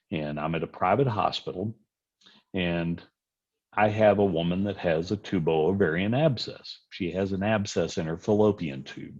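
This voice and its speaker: Low husky-voiced man telling clinical stories. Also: a little mellow. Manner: storytelling, acts out dialogue in anecdotes. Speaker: physician lecturer. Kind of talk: conversational medical lecture. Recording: dull lo-fi audio.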